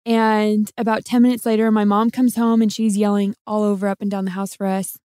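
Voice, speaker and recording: A young adult woman co-hosting a podcast, telling personal stories in a soft-spoken way with frequent laughs. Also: medium pitch, level tone, brisk, no echo. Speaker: podcast co-host. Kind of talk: casual storytelling chat.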